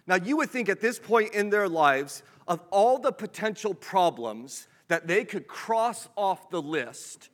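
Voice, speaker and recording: A man's voice: sits high, sharp tone, long reverb tail. A man preaching a sermon as pastor, conversational, asking rhetorical questions and checking in with the listeners.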